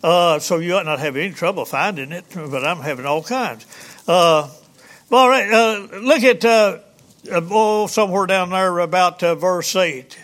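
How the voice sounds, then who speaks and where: High, bright-voiced preacher man. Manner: folksy, halting, many fillers and restarts. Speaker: pastor. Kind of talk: sermon.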